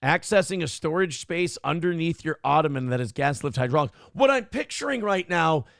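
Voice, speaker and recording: Brief: male morning-show co-host, gravelly and fairly high-voiced, swearing and joking through casual banter. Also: a little fast, no room sound, studio quality. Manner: profane, joking, animated riffing.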